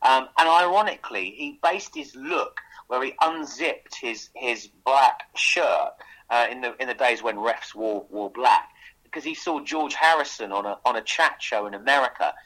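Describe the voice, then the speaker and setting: A man's voice: medium pitch, expressive, normal speed, sharp tone, poor audio. A man chatting as a guest on a radio show, his mid-range voice rising and falling as he tells stories. He restarts his sentences often and pushes ahead with eager enthusiasm. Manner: enthusiastic storyteller with frequent restarts. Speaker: author guest. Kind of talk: casual radio interview chat.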